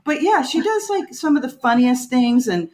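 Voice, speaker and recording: A woman's voice: high-pitched, animated, normal speed, darkish tone, a little hiss or hum. A woman in a band, a podcast guest telling rambling stories in a casual, chatty way and laughing often. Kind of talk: casual storytelling.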